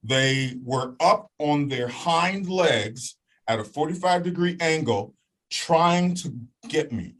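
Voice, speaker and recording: A man telling a personal story as a guest in an animated way. He acts out voices and sounds and keeps checking in with "okay?". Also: fairly high pitch, slow, low-quality recording.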